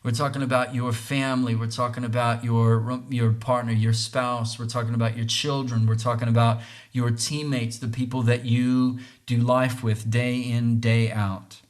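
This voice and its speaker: A man's voice: medium pitch, level tone, normal speed. A man hosting a podcast, talking through relationships in an earnest, reflective monologue, often restarting phrases and checking in with "right?". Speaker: podcast host.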